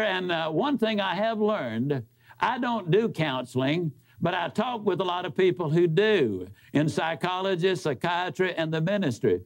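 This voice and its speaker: A man giving a motivational speech, telling a story in a folksy, emphatic way with big swings in pitch. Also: vocal fry. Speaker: motivational speaker.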